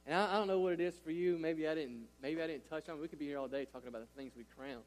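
A man's voice: fairly high pitch, racing. A man in his thirties preaching a sermon as a pastor, emphatic and often checking in with listeners. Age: 30s. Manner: emphatic, repeats "right?" and "listen" to engage listeners. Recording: long hall reverb.

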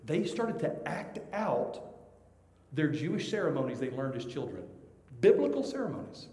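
A man pastor preaching a conversational sermon, animated and acting out the voices of the people he quotes. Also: on the high side, moderate pace. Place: church sanctuary. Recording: echoey hall with long reverb.

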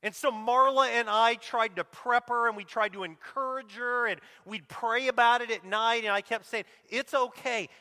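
A middle-aged man preaches a sermon in a big room with a long, ringing reverb. His voice sits high and bright, and he speaks with emotion. At the tenderest moments he drops almost to a whisper. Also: fairly even intonation, normal speed, hardly any pauses, smooth. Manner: emotional, drops to a near-whisper on quoted cries. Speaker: pastor.

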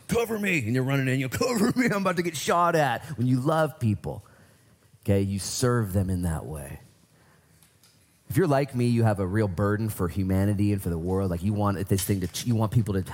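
A man's voice: lowish voice, fairly quick, a little mellow. A man preaching a conversational sermon, emphatic, swinging up and down for stress. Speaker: pastor.

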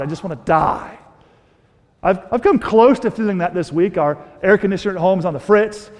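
Male pastor, high-pitched, animated preacher who restarts sentences, recorded in a large echoing hall. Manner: animated, rhetorical questions, frequent restarts. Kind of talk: sermon. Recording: long reverb of a large hall.

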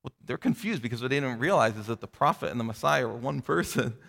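A middle-aged man preaching a sermon, reading scripture aloud and voicing its speakers with lifted pitch. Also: fast talker, vocal fry, fairly bright tone. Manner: expository preaching, acting out quoted voices with a rising pitch. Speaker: pastor. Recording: long reverb of a large hall.

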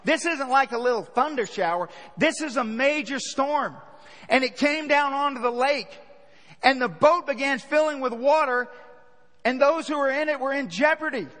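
A man with a very high voice preaches a sermon, painting scenes for his listeners and slipping into hushed asides. His voice rings out through a large hall with long reverb, the sound of a church sanctuary. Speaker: pastor.

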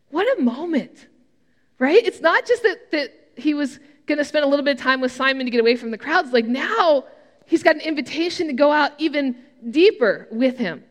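A woman pastor telling a personal story in a sermon, animated, with frequent restarts. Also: sits high, brisk, in a large hall.

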